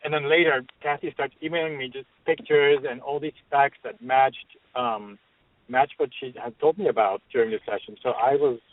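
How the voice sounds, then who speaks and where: A man, a hypnotherapist guest, speaking earnestly and haltingly, with repeated "I mean". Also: mid-range voice, fairly even intonation, dry recording. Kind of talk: conversational interview. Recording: dry tinny phone line.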